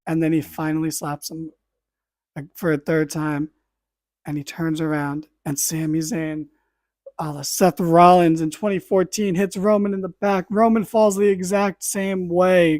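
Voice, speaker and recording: A man with a somewhat higher voice retells events in an animated play-by-play, full of casual asides and the occasional swear. The sound is dry and close, with no room around him. He talks like a podcast host chatting with friends. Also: normal speed, no echo. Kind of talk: casual wrestling recap.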